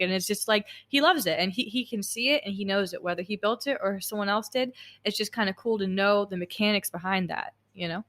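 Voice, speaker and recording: A woman's voice: medium pitch, brisk. A young woman hosting a podcast interview, talking at length and drifting into side stories. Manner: warm and talkative, rambling storytelling with tangents. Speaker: podcast host. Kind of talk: casual interview conversation.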